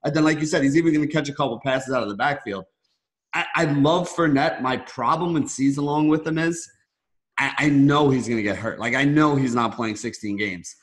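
A man's voice: medium pitch, brisk. A man co-hosting a fantasy football podcast, talking casually and walking through his reasoning. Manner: chatty, lays out his reasoning, rises when excited. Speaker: podcast co-host.

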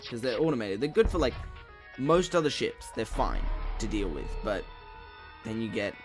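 With faint music behind him, a young let's play gamer curses his way through a video game in casual commentary, muttering to himself and letting out frustrated bursts. He yawns now and then, sleepy. His voice is medium-pitched with lively intonation at a moderate pace.

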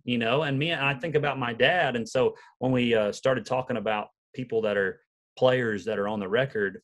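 Earnest low-voiced man with twang. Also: a little fast, a bit bright. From Southern Illinois, USA. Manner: earnest, folksy, rambling storyteller. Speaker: country singer guest. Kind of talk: casual podcast interview.

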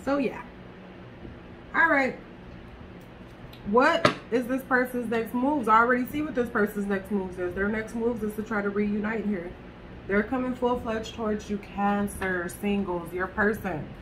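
A woman of average pitch talks through a tarot card reading in a loose, chatty manner. She speaks straight to her viewers and swears casually as she goes. A faint hiss sits under her voice. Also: a little slow. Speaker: tarot reader.

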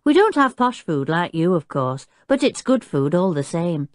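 A woman voicing a cheerful circus boy who is proud of his chimpanzee, talking in a bright, eager, chatty way. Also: on the low side, sing-song, normal speed, no echo, studio quality.

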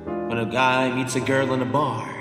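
A man's voice: mid-range voice, level tone, moderate pace. A man performing a comic act, narrating a story like a storybook teller. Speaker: comedian performer. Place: large theatre stage. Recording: echoey stage hall, loud music and crowd.

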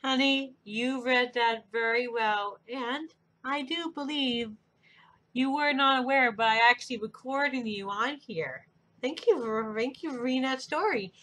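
A woman chatting softly and affectionately in a casual way at home. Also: high-pitched, a little slow, rough recording. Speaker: girlfriend of the reader. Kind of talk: casual chat.

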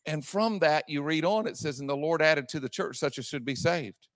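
A man preaching a sermon in a church, repeating his phrases and swinging from shouting to quiet asides. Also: a little high, a little fast, no room sound. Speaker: pastor. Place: church sanctuary.

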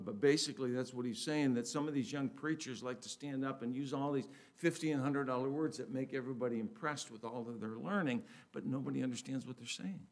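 A man preaching a sermon in a conversational way, restarting his sentences often and getting louder and higher when he reads scripture aloud. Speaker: pastor.

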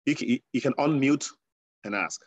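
A man's voice: mid-range voice, moderate pace, no room sound, highs cut off. A man moderating an online Q&A, hesitant and full of fillers as he wraps things up. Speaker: session moderator. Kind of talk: wrapping up a Q&A.

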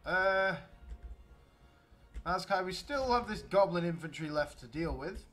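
A young man giving excitable, chatty commentary while playing a strategy game. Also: high-pitched, measured pace, soft background music. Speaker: let's play gamer. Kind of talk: gameplay commentary.

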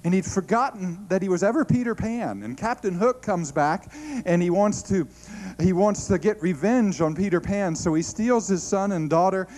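A middle-aged man delivers a sermon in a slightly high voice. He tells stories with animated energy, breaking into laughs and stumbling over restarts as he goes. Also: normal speed, hardly any pauses, low-quality recording. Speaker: preacher.

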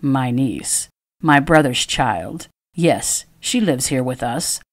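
A woman voicing a short, spiteful uncle who growls in a raspy voice in an audiobook. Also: extremely low pitch, expressive, slow, voice pushed down, heavily acted. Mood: hesitant.

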